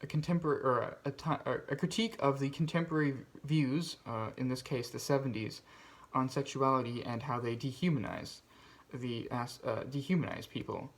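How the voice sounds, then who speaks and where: A man's voice: medium pitch, brisk. A man hosting a casual book video, talking through his reading pile with lots of fillers and restarts. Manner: rambling, many fillers and restarts. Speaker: BookTube host.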